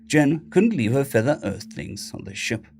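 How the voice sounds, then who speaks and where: A man narrating a science fiction audiobook in a steady, even storytelling voice. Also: mid-range voice, normal speed. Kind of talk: scripted sci-fi narration.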